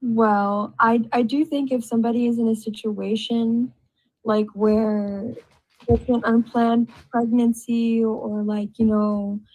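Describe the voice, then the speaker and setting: A woman calling in to a casual online debate, measured and hedging with fillers. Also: a little high, little pitch movement, a little mellow, poor audio. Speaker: debate caller.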